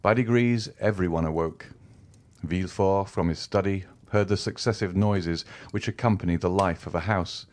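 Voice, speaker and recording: Deep-voiced male audiobook narrator. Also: darkish tone. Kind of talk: scripted narration of a classic novel.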